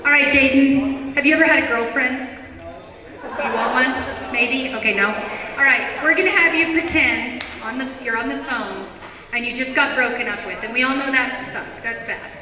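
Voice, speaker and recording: A high-voiced woman emcees a school game show, calling out dares and cheering each contestant on. Her voice carries through a big echoing hall, picked up from far off. A lively crowd murmurs behind her over steady background noise. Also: normal speed. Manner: upbeat and encouraging, calling out dares. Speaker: event host. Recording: echoey hall recorded from far off.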